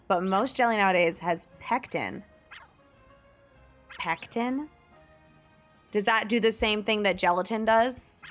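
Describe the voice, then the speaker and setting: A woman's voice: mid-range voice, a bit bright. A young woman streamer in casual live-stream chat, musing aloud and reading search results. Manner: chatty and musing, reads search results aloud with frequent laughs.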